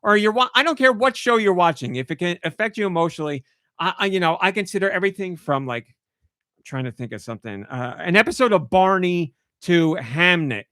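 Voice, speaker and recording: Podcast host guy, slightly high voice, animated ranting storyteller. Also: fairly quick, dry recording, studio quality. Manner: animated storytelling, acts out his own outbursts. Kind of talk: casual podcast chat.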